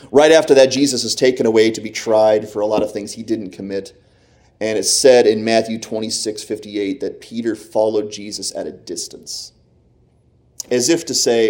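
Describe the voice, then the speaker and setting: A man teaching from the Bible in a conversational way, retelling scripture stories with animated, casual storytelling. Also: lowish voice.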